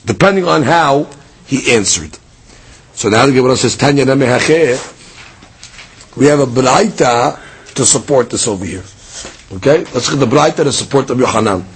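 Husky, animated man teaching Talmud. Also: fairly high pitch. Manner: lively, conversational, switching between texts and plain explanation. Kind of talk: daily Talmud class.

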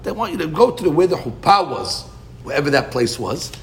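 A man teaching a Talmud class, asking and answering questions in an animated way. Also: on the high side, brisk, slight background noise. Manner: animated, questioning, mixes Hebrew and Aramaic terms.

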